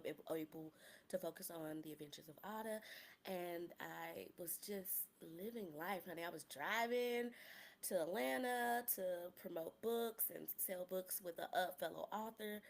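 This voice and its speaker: A woman's voice: fairly low pitch, normal speed, creaky. A woman in her thirties hosting a personal podcast, talking candidly and emotionally, close to tears at times, with casual slangy humor. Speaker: podcast host.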